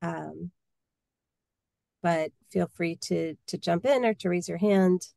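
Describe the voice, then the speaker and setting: A woman hosting an online meeting, speaking in a friendly, halting way with many fillers and restarts over a video call. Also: fairly low pitch, gravelly, mellow, dry recording. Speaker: meeting host, association officer. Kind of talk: casual online meeting talk.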